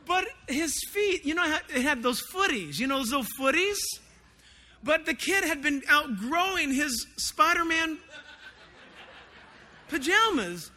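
High-voiced man preaching in a reverberant hall. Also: measured pace, slight background noise. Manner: conversational, animated storytelling asides. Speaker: pastor. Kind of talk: expository sermon. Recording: long reverb of a large hall.

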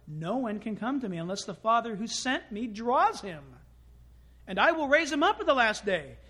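A male pastor preaching a sermon, animated and acting out quoted voices. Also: high voice.

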